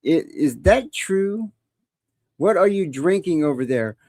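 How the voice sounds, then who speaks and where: A woman's voice: fairly low pitch, expressive, a little slow, a little mellow, dry recording. A woman hosting a live call-in stream, joking in a bawdy, teasing way and laughing often.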